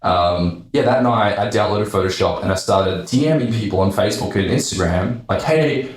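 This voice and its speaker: A man, a podcast guest telling a story in a casual, animated way, acting out quoted voices and swearing freely. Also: fairly low pitch, moderate pace. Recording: roomy echo.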